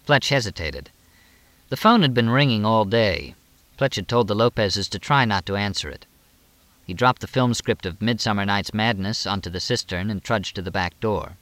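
Male audiobook narrator, lively and dry. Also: lowish voice, normal speed, dry recording. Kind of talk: scripted narration.

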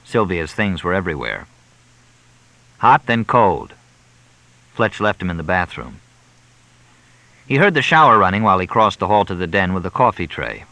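Low, bright male audiobook narrator. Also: very animated, moderate pace, long pauses, no room sound, low-quality recording. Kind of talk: scripted narration of a crime novel.

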